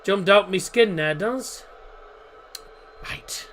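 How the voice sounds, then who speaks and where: A man's voice: sits high, slow pace, a bit bright, a little hiss or hum. A man hosting a live football watchalong stream, chatting casually in a rambling way and cracking corny jokes at his own expense. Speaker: football watchalong livestream host. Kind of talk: casual live match chat.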